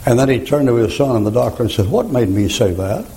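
A man's voice: mid-range voice, animated, fast talker, low-quality recording. An older man preaching a folksy sermon full of stories, chuckling as he talks. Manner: folksy storytelling, chuckling, rising to shouted rhymes.

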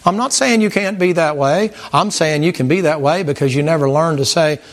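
A man preaching a sermon to a congregation in a folksy, animated way, repeating words and mimicking sounds. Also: fairly high pitch, brisk, hardly any pauses. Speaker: pastor. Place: church sanctuary with congregation.

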